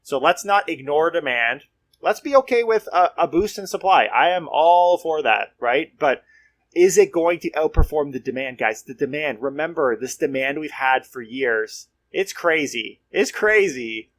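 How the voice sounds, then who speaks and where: A man's voice: fairly high pitch, moderate pace. A young man, hosting a casual real estate podcast. He talks straight to his listeners and repeats points for emphasis. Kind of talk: casual market commentary.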